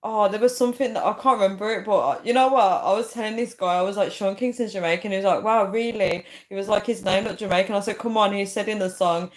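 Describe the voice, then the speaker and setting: This young woman hosts a livestream, speaking briskly at a medium pitch. She chats casually and rambles while reading viewer comments aloud, often giggling.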